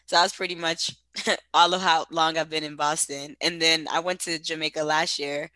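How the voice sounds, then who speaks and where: A woman's voice: low voice, steady tone, moderate pace, sharp tone, no echo. A woman from West Africa, a guest in a casual conversation, chatty and laughing often as she talks to listeners.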